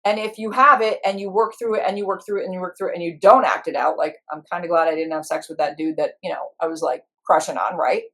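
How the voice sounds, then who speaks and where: A woman's voice: fairly low pitch, quick pace, hardly any pauses, fairly bright tone. A middle-aged woman, an IFS practitioner, telling a story in conversation and acting out her inner parts in quoted voices.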